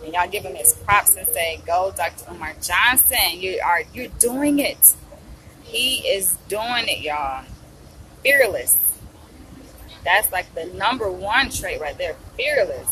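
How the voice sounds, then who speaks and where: A woman talking casually and excitedly to her viewers in a vlog, gushing and calling them y'all, with food in her mouth. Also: on the low side, slow, a little hiss or hum, low-quality recording. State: eating while talking. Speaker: vlogger.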